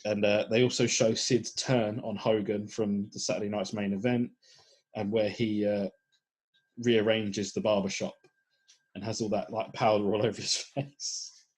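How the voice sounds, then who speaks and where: A podcast co-host with a somewhat low voice that has a husky edge. He talks in a relaxed, casual way, recapping events with plenty of pauses and fillers. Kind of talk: casual chat.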